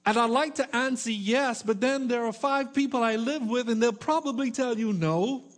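A man's voice: very high voice, normal speed. A middle-aged man preaching a sermon in a church, stretching out his questions for emphasis and slipping in joking asides to the congregation. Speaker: pastor.

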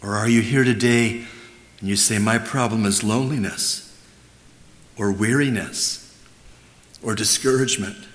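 Slow, deep-voiced male pastor preaching. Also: fairly even intonation, a bit bright. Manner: slow, repetitive preaching cadence. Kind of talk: sermon. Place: church sanctuary. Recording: reverberant church hall.

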